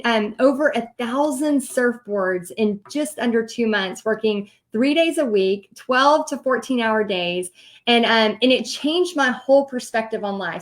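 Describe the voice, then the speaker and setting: Thirties Southern woman host, animated and chatty, somewhat high voice. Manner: animated, chatty, many ums and likes. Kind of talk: casual storytelling livestream.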